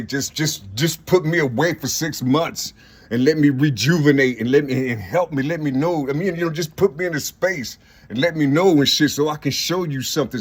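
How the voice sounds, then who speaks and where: A middle-aged man rambling on in a profane, repetitive monologue outdoors, swinging between loud boasting and low mumbling. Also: husky. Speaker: vlogger. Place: outdoors among trees.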